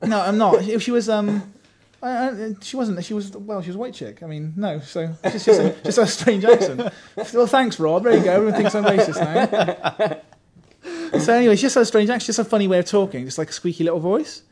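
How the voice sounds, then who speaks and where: A man's voice: sits high, brisk, a little mellow. A man who writes for a games magazine, telling a wry, self-mocking anecdote in casual podcast chat.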